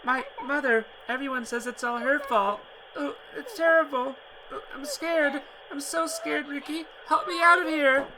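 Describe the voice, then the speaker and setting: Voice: unhurried, noisy background. A streamer voicing a terrified young girl who sobs and pleads for help over a phone. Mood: panicked sobbing. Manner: shrill pleading, breaking into sobs.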